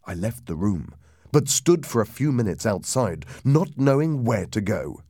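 A man narrating a ghost story aloud in a lively, dramatic reading that drops low and hushed for suspense. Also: a little slow, husky, no room sound, clean studio sound.

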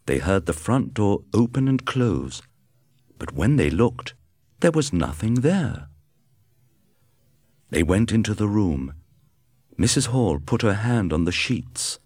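A man narrates a storybook in a low, measured voice. He reads very slowly, with his pitch rising and falling widely. The recording is close and dry. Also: a little mellow, husky, dry recording. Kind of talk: scripted narration.

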